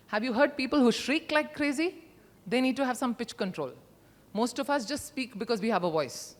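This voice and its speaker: A woman's voice: a little high, normal speed. A middle-aged woman leads an interactive workshop talk, leaning hard on certain words and shaping her voice to show what she means. Her voice rings out through a large conference hall with a long reverb. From India. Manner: expressive, emphatic, demonstrates with her voice. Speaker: conference speaker.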